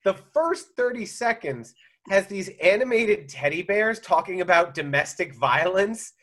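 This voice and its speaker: A man's voice: sits high, expressive, a little slow, fairly bright tone. A man co-hosting a podcast, chatting casually and retelling scenes expressively, mimicking the characters. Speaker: podcast co-host. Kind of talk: casual chat.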